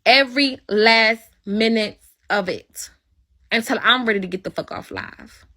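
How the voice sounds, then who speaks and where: A woman's voice: on the high side, measured pace, bright, forceful tone. A woman hosting her own livestream and ranting at her viewers, blunt and heavy with swearing. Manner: blunt, profane, confrontational. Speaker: livestream host. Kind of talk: angry livestream rant.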